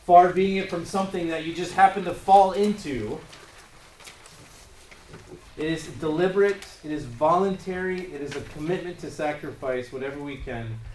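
A man's voice: on the high side, moderate pace, darkish tone, a little hiss or hum. Emphatic male preacher in a roomy hall. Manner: emphatic, rising in force on key phrases. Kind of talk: sermon. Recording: roomy echo, voice from a distance.

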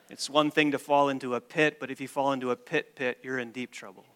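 A man preaching a sermon, emphatic, with loud stressed points and hushed, quiet lines. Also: a little high, steady tone, normal speed.

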